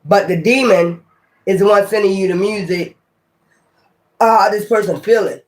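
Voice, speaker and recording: A man giving a casual tarot reading to his viewers, blunt and profane, talking in an animated way. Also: high-pitched, moderate pace. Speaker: tarot reader.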